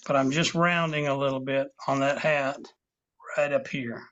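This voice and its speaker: A man teaching woodcarving live over a video call talks at normal speed in a medium-pitched, steady, slightly bright voice. He patiently walks through each step as he works, with little asides to his students, and the audio is dull and lo-fi.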